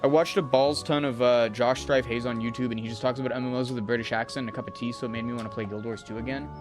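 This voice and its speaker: A man's voice: medium pitch, fairly even intonation, racing, music in the background. A young adult man casually rambling and swearing as he streams a game and talks to his chat. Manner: profane, rambling, talks to chat while playing. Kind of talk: casual gameplay commentary.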